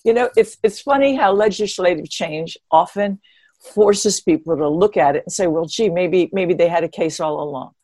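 Older woman, lively wry storyteller. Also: on the low side, normal speed, dry recording. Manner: animated, expressive storyteller with a wry humor. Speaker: interview guest, pioneering marathon runner. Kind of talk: conversational storytelling.

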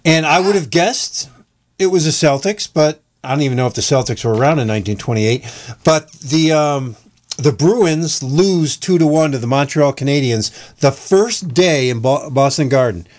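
A man's voice: on the high side, lively intonation, moderate pace. A man hosting a casual sports talk show, telling stories in a rambling way with restarts and self-corrections. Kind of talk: casual sports radio chat.

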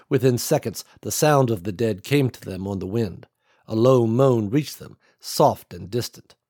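Husky male audiobook narrator. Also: lowish voice, darkish tone, no room sound, studio quality. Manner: measured, dramatic storytelling.

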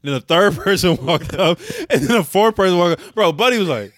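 A man's voice: high-pitched, lively intonation, fairly quick, no echo. Chill guy on a podcast, easygoing slangy storyteller, dry sound. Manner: laid-back slangy storytelling. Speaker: podcast co-host. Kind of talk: casual chat.

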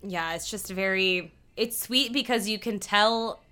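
Giggly woman chatting through a show recap, bright clear voice, acts out the lines. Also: mid-range voice, a little slow. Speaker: podcast co-host recapping an episode. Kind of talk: casual chat.

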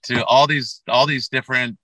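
Bright-voiced man rambling in an interview. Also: medium pitch, fairly even intonation, moderate pace, no room sound, poor audio. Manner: rambling, repeats words, many fillers. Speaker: metal band frontman and guest. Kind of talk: casual interview chat.

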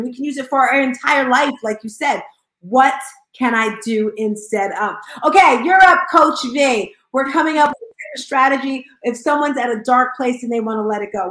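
A woman hosting a panel chat who talks in an upbeat, exclamatory way and sometimes shouts for emphasis. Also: on the high side. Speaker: host. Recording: roomy echo.

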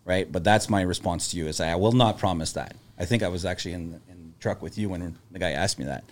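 A man, a business owner, talking in a casual podcast chat and telling stories in a calm, level-headed way. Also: low-pitched, fast talker.

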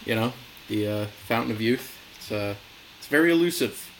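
A man's voice: mid-range voice, lively intonation, normal speed, a little hiss or hum, poor audio. A man co-hosting a podcast in casual chat, retelling things with a lot of laughter. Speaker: podcast co-host.

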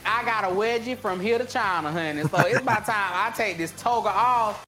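A sassy, campy character with a drawl and a bright, high put-on lilt, as a man does the voice. Every line lands with a flourish. Clicks and noise sit clearly under the thin recording. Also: fairly quick, close to an everyday voice.

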